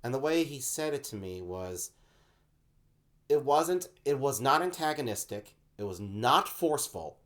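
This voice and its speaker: A man co-hosting a casual vlog, telling a story and getting loud and animated when he replays his own frustration. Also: mid-range voice, unhurried. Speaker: co-host of a web show vlog.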